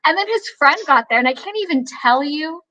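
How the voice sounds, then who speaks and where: A young woman guest with a bright, clear voice that sits a little high. She tells her stories in an animated, casual way, acting out the voices she quotes and laughing often. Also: brisk, muffled recording, a little hiss or hum. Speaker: actress guest. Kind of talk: casual interview chat.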